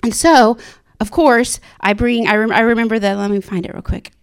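A woman preaching a sermon with passion, climbing to high excited exclamations and dropping to a whisper for her inner thoughts. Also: moderate pace, clear, resonant tone.

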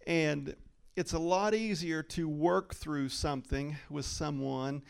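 A man praying and then giving an informal devotional talk, folksy and quick to laugh as he acts out quoted lines. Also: on the high side, creaky, clean tone. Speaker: lay speaker sharing a devotional.

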